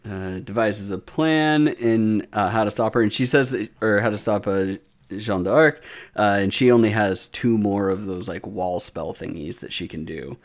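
A man's voice: on the low side, moderate pace. A young man, a podcast co-host, recaps an episode in casual chat, rambling with many fillers and restarts.

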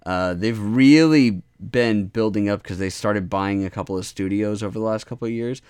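A man co-hosting a casual gaming podcast, excitable and quick to laugh and swear. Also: on the low side, clear, resonant tone, no room sound. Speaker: podcast co-host. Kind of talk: casual chat.

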